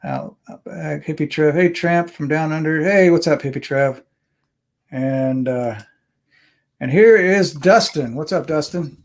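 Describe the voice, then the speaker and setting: A man hosting a relaxed livestream hangout, with a slightly high voice. He talks in a casual, slangy, easygoing way and greets viewers one by one. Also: unhurried. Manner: laid-back, slangy, chatty. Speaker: livestream host.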